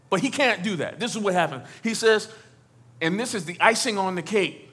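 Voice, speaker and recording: High-pitched animated male preacher. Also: brisk, husky. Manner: animated, rises to shouts and drops low; stammering repeats, playful asides. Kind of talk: sermon. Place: church.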